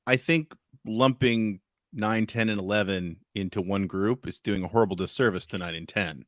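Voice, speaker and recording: Very deep-voiced wisecracking man. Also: normal speed, a bit bright, no echo. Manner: dry, wisecracking. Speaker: podcast co-host. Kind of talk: casual chat.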